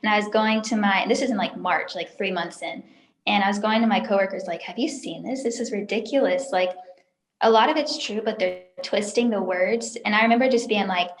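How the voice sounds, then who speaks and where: A woman's voice: medium pitch, brisk, roomy sound, poor audio. A young woman telling her story as an interview guest, talkative and emotional, with many filler words. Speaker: interview guest, former sales recruiter. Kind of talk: candid personal story in an interview.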